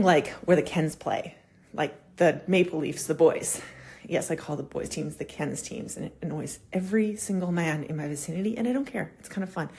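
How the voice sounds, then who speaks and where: A woman in her thirties hosting a casual solo podcast, animated and swearing freely as she acts out quoted conversations. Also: fairly low pitch. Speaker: podcast host.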